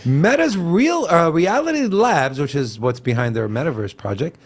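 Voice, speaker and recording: A man co-hosting a casual crypto news show, talking in an animated, slangy way full of "like" and "bro". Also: on the high side, normal speed. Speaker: co-host.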